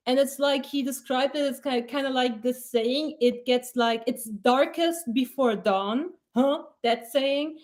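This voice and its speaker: High-voiced, foul-mouthed woman coach. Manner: blunt, swears freely, rambling and laughing. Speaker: mindset coach. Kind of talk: casual live-stream pep talk.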